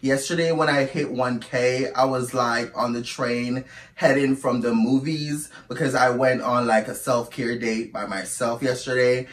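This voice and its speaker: A man's voice: medium pitch, a little slow, distant mic. A man chatting expressively to his viewers in a casual storytime monologue. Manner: chatty and expressive, calls listeners "girl". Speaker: storytime YouTuber. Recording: roomy echo, away from the mic.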